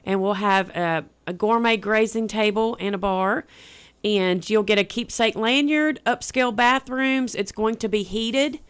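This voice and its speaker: A bubbly young woman talks in a chatty, upbeat way as a radio guest. Her voice is smooth and clear, and she tends to circle back and repeat her words. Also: medium pitch, a little slow. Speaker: event organizer guest. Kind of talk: casual radio interview.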